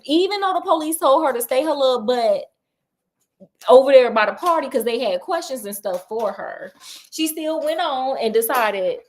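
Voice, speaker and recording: A woman's voice: a little high, expressive, normal speed. A woman retelling a book in a sassy, chatty, comedic way with laughing asides. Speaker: storyteller.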